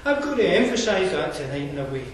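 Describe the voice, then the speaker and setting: A Scottish man delivers a sermon in a fairly high voice, wandering off on asides and stumbling over fillers before finding his point again. He is recorded from a distance in a very reverberant room, with faint ambient noise underneath. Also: sing-song, quick pace. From Scotland. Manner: conversational, digressive, frequent fillers and restarts. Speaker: preacher.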